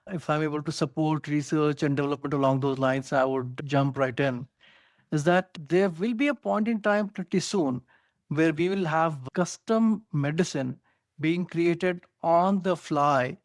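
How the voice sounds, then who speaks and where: The audio is dry and studio quality. A podcast co-host with an Indian accent and a fairly high-pitched voice chats casually about tech, explaining it with enthusiasm and frequent "you know"s.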